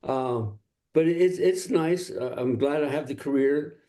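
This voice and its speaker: An older male singer-songwriter from Los Angeles, telling stories in a relaxed interview and laughing often. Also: a little high, measured pace. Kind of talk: casual interview talk.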